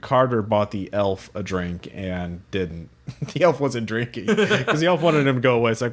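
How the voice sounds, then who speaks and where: A man co-hosting a casual tabletop gaming podcast, relaxed and chuckling as he shares game quotes and reads forum stories aloud. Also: lowish voice, normal speed. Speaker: podcast co-host.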